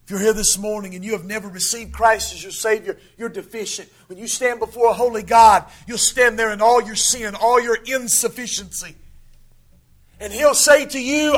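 A man preaching a sermon in church, moving from shouted declarations to hushed pleading during an altar call. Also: high-pitched, steady tone, moderate pace. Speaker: pastor.

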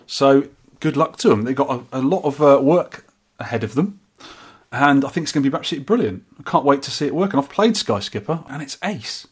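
A man's voice: mid-range voice, lively intonation, fairly quick, breathy edge. A man co-hosting a podcast, chatting enthusiastically and casually, often restarting his sentences. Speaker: podcast co-host. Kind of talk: casual chat.

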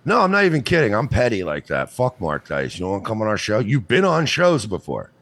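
A man's voice: on the low side, huge pitch swings, a little fast, creaky, fairly bright tone, no echo. A man co-hosting a podcast, joking in a mock-angry, petty, profane way. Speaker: podcast co-host. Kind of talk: casual chat.

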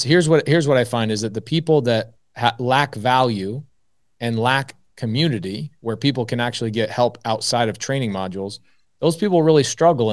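A man's voice: mid-range voice, no echo, clean studio sound. A man on a debate panel talking casually, acting out the things he says himself. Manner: animated, storytelling, quotes himself. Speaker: guest panelist.

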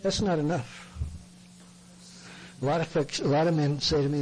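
Folksy man, somewhat high voice, earnest sermon-style counseling talk. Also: normal speed, long pauses, darkish tone, a little hiss or hum, poor audio. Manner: earnest, folksy, acts out what people say to him. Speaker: Christian counselor speaking to men. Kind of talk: plain-spoken sermon talk.

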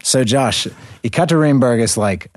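A man hosting a podcast, asking a guest questions in a casual, friendly way with quick affirmations. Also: mid-range voice, expressive, darkish tone, no echo, clean studio sound. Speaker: podcast host. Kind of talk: casual interview chat.

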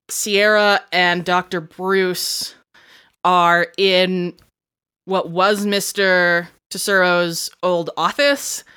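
A woman's voice: lowish voice, pushed and bright, smooth. A woman setting scenes and playing a character in a tabletop role-play game, in a playful, laughing way. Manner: playful, laughing, quick storytelling. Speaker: game facilitator and player.

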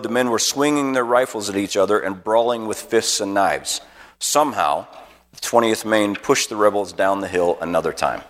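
A man's voice: fairly low pitch, fairly bright tone, in a large hall. A man, a pastor, preaching a sermon by telling a battle story with vivid dramatic narration. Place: church auditorium.

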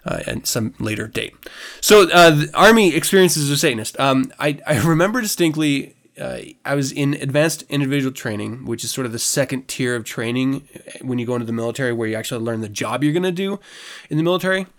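A man's voice: mid-range voice, brisk, a bit bright. A man hosting a podcast in a casual chat, laughing often, swearing freely and rambling through restarts. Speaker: podcast host.

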